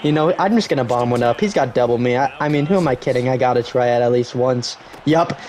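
A young man giving live commentary on his own football video game, cheering loudly on big plays and grumbling when things go wrong. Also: medium pitch, quick pace. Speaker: gaming YouTuber.

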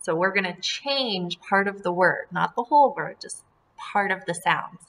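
A woman teaching a second-grade class, drilling words and syllables slowly and clearly and encouraging the children. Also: mid-range voice, expressive, fairly bright tone. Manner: slow, deliberate word drills with clear enunciation. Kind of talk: phonemic awareness lesson for young children.

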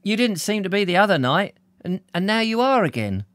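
Guy putting on a cheeky blonde girl, high and wheedling, begging him to stay. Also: big pitch swings, brisk, fairly bright tone, no room sound. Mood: coaxing. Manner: pleading, cockney working-class speech. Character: brash young London blonde woman, coaxing.

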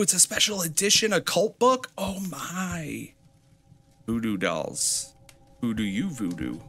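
A man commenting on a horror game as he plays, joking and sarcastic, reading the game's notes aloud. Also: bright, forceful tone. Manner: playfully mocks the game with sudden high squeals. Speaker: gameplay commentator.

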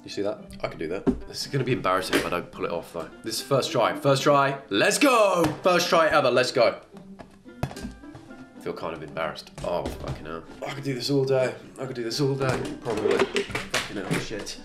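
Young dude doing reaction commentary, swears a lot, voice jumps all over the place. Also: male voice, mid-range voice, big pitch swings, fairly quick, over music. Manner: exasperated, sweary, grossed-out outbursts.

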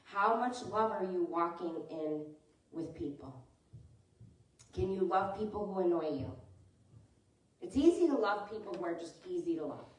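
A woman's voice: fairly low pitch, animated, normal speed, long pauses. Woman pastor preaching in an echoey hall. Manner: conversational preaching, often asks the congregation questions. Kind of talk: sermon. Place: church sanctuary. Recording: echoey church hall, mic at a distance.

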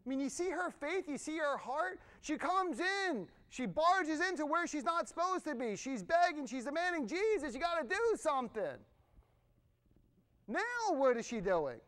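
A middle-aged man preaching a sermon in a conversational, animated way, with asides to the congregation. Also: very high voice, normal speed, hardly any pauses. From Irish family background. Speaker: pastor.

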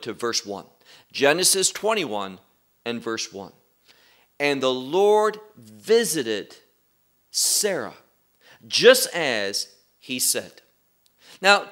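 Slow, lively-voiced male Bible teacher. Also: a little high. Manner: deliberate, emphatic, poses questions to listeners. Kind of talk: Bible study lecture.

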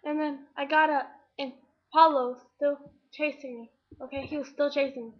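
High-voiced woman rambling into a webcam. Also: fairly even intonation, normal speed, heavy background noise. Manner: chatty and dramatic, with lots of "like" fillers. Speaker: vlogger. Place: indoors at home. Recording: slightly muffled webcam audio.

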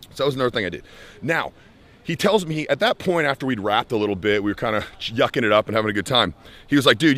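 A young man from the United States tells an advice story with lively energy. He slips into other people's voices when he quotes them. He talks at a middle pitch, in a casual coaching tone. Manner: animated, acts out quoted voices. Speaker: life skills coach.

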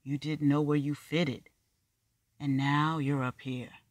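A story reader voicing a stern, skeptical Black man who questions another man bluntly and a little louder than the narration. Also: mid-range voice, level tone, takes it slowly, no room sound, lightly acted. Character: stern, pitiless older Black man with a knife. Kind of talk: audiobook dialogue reading.

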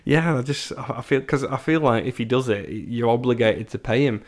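With a mid-range voice at a slightly fast clip, a young man hosting a podcast chats casually through his stories, breaking into laughs and stumbling over restarts.

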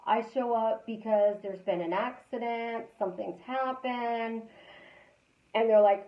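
A woman hosting a live stream as a life coach, talking casually and repeating calm affirmations in a chatty, storytelling way. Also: fairly high pitch, unhurried, roomy sound, muffled recording.

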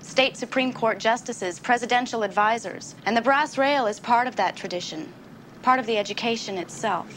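A woman's voice: fairly high pitch, normal speed, fairly bright tone, slight background noise, lightly acted. An actress playing a poised young law student in her twenties, formal and probing as she questions a witness. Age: 20s. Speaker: law student taking a deposition.

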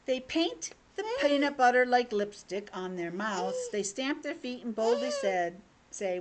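A woman's voice: a little high, a little slow, hardly any pauses, a little hiss or hum. A young woman teacher reading a picture book aloud to children over a video call, with chatty asides. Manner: animated, chatty asides to kids.

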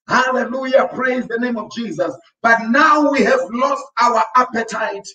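A South African man preaching a sermon as pastor, repeatedly addressing the congregation as ladies and gentlemen. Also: very high voice, moderate pace, few pauses, soft background music. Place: church. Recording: echoey church from far off.

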